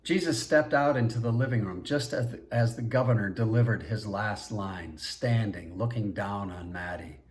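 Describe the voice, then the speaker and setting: A man reading a novel aloud in first-person audiobook narration, in a plain, steady storytelling manner. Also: fairly low pitch, normal speed, few pauses.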